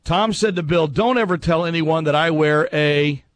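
A man hosting a fill-in-the-blank quiz on a talk show, teasing and laughing with the panel. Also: fairly high pitch. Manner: playful, teasing, quick to laugh. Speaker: quiz host. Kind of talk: casual radio banter.

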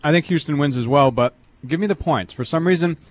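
Fast-talking joking man on sports panel. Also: fairly high pitch. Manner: quick, joking, wordplay. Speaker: football picks panelist. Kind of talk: casual sports chat.

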